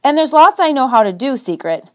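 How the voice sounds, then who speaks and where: A woman's voice: high-pitched, sing-song, fairly quick, a little mellow. A woman voicing an earnest, defensive teenage boy from the city in a storybook reading, with a pleading, emphatic delivery. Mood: coaxing.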